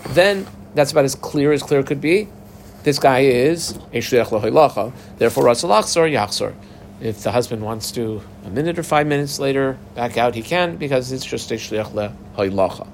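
A man teaches a Talmud class in a relaxed, lively way. He breaks into little acted-out voices for the people in the case. His voice sits in a middle pitch, a faint hiss of noise behind it. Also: moderate pace. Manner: animated, acts out the parties in a dialogue. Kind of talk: casual Talmud class explanation.

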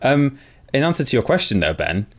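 A man's voice: medium pitch, very animated, a little fast. A man co-hosting a podcast, talking casually with many ums and restarts. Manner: hesitant, lots of ums and restarts. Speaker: podcast co-host. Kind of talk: casual chat.

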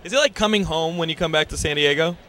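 A playful man works the convention floor as an interviewer, trading teasing jokes with the people he meets. His voice sits a little high. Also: fast, sharp tone.

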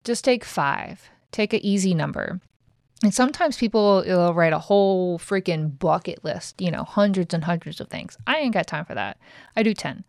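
A woman's voice: on the low side, expressive, normal speed, a little mellow, no room sound, studio quality. A middle-aged woman who hosts a podcast, talking frankly and casually and swearing now and then. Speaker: podcast host. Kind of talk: casual motivational chat.

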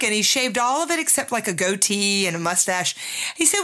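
A woman's voice: medium pitch, animated, fairly quick, bright, forceful tone. A middle-aged woman hosting a podcast, telling a personal story in a candid, emotional way and speaking directly to her listeners. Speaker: podcast host.

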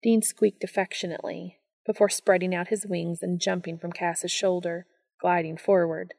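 A woman narrating a romance story aloud in a calm, soft storytelling manner. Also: fairly low pitch, moderate pace, vocal fry, dry recording.

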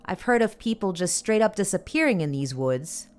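A woman voicing a nervous, chatty young man out hiking, talking quickly and worriedly. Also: medium pitch, very animated, clear, resonant tone, natural voice.

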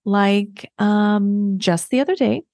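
Taking her time in a medium-pitched, darkish voice, a thirtysomething podcast host gives other parents casual advice on her own, candid and poking fun at herself. The sound is clean studio audio with no room sound.

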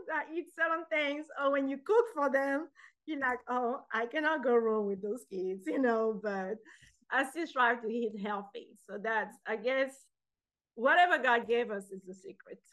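Woman guest, high voice, relaxed chatty storyteller who slips into the voices of people in her stories. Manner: animated, acts out dialogue in her anecdotes. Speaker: guest, author and poet. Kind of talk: casual interview storytelling.

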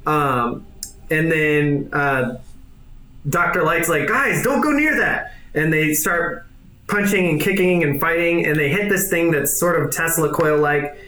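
A man running a tabletop game, describing scenes in a loose, rambling way with plenty of fillers. His voice is a bit high and bright, and the room is echoey. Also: fairly even intonation, a little slow. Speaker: game master.

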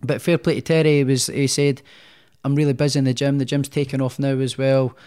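A man's voice: medium pitch, fairly quick, clean tone. A young man, a professional boxer telling stories in a casual interview, with many restarts. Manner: rambling, animated storyteller with many restarts.

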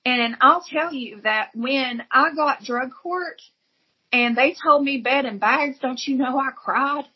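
Husky woman telling a vivid testimony. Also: high voice, slow pace, highs cut off. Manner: earnest, vivid storytelling. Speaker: guest sharing testimony. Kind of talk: emotional personal testimony.

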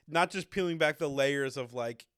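A man co-hosting a casual podcast, trading deadpan jokes and swearing. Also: on the high side, moderate pace, clear, resonant tone, no room sound, studio quality. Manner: deadpan joking, absurd bits, swears. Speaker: podcast co-host. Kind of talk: casual chat.

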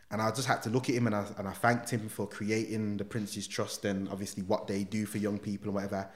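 A man, a podcast guest telling his life story in animated street slang. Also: lowish voice, quick pace, few pauses. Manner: animated, slangy, acts out voices. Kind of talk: emotional personal storytelling.

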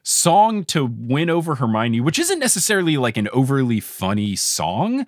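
A man in his late twenties hosting a casual podcast, joking and animated. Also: moderate pace, no room sound, clean studio sound. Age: 20s. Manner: animated, jokey, swings pitch up and down. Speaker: podcast host.

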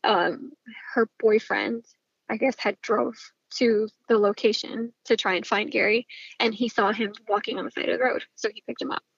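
A woman's voice: fairly high pitch, fairly even intonation, normal speed, vocal fry, husky, no room sound, muffled recording. A woman telling a personal story as an interviewee, casual and rambling with many fillers. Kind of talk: emotional personal recollection.

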